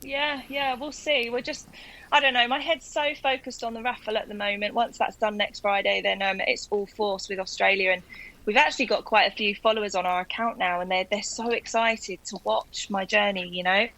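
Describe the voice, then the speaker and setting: A woman's voice: mid-range voice, steady tone, normal speed, sharp tone, rough recording. A woman in her thirties with a South London accent, chatting enthusiastically as a podcast guest. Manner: chatty, enthusiastic, laughs easily. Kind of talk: casual video-call chat.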